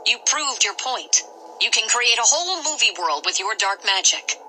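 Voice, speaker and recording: A woman plays a resolute warrior princess from a storybook adventure. Her voice is bright and crisp, and she speaks with a firm, commanding tone. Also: on the high side, expressive, normal speed, slight background noise, pitched above the performer's own voice, rough recording.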